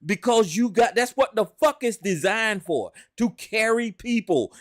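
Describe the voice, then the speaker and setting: A man's voice: high voice, lively intonation, a little slow, no echo, studio quality. A man hosting a heated call-in argument, profane and insistent, repeating himself again and again.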